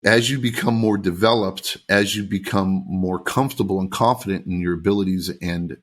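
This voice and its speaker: Deep-voiced man telling heated stories. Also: moderate pace. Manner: animated storytelling, frank and heated. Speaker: pool service business owner, podcast guest. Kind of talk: casual podcast chat.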